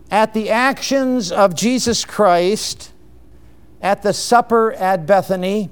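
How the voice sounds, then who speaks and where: A man preaching a sermon, emphatic and unhurried, with exclamations and chuckles. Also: sits high, clean tone.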